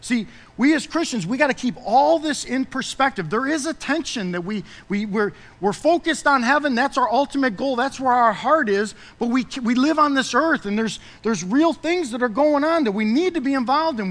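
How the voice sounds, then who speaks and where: A man preaching a sermon as pastor, emphatic, rising loud and dropping soft. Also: very high voice, lively intonation, normal speed, hardly any pauses, long reverb tail.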